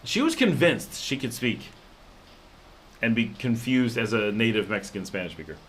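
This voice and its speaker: A man hosting a casual livestream, telling stories in a relaxed way and reading out viewer comments. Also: mid-range voice, normal speed, slight background noise. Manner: relaxed storytelling, reads viewer comments aloud. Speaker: livestream host.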